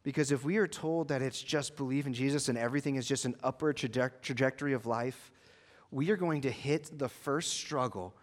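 A male pastor preaching a sermon, swinging between loud emphatic lines and hushed low ones. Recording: long hall reverb.

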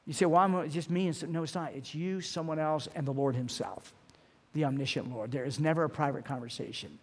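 A middle-aged man preaching a sermon, earnest and emphatic, slowing down to stress key phrases. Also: medium pitch, slightly rough. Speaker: pastor.

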